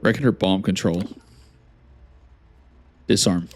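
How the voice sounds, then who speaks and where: Low-voiced man playing a game. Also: takes it slowly. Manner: thinks aloud, reads dialogue choices. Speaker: let's play host. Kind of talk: casual gameplay commentary.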